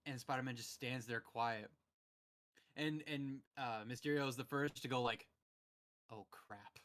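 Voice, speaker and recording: A young man in casual chat over a voice call, telling stories with animated energy and acting out the lines he quotes. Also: mid-range voice, normal speed. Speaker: podcast host.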